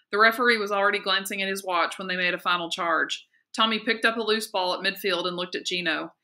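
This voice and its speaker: A woman teacher reading a novel aloud in a steady, lively and expressive way. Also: mid-range voice. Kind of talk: read-aloud narration of a novel.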